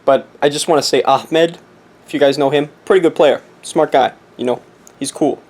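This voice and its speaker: A young man vlogging from his apartment, joking in a deliberately ridiculous put-on accent and sermonizing in mock-serious fashion. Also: a little high, darkish tone. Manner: jokey, mock-preachy, laughs at himself. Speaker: competitive game player vlogging. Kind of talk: casual comedic monologue.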